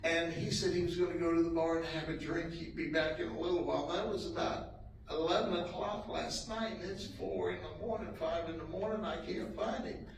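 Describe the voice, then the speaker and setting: A man's voice: a little high, steady tone, fairly quick, gravelly, pitched above the performer's own voice. A man voicing a furious young bride, his voice raised as he quotes her indignant message. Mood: upset. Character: furious young bride, fed-up and sharp-tongued. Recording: echoey, distant, noisy room.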